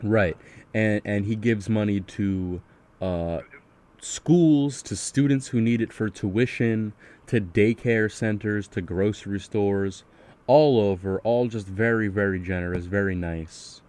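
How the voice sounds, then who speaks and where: A man's voice: lowish voice, takes it slowly, darkish tone. A man hosting a podcast, chatting casually about music in an earnest way and asking leading questions. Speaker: podcast host.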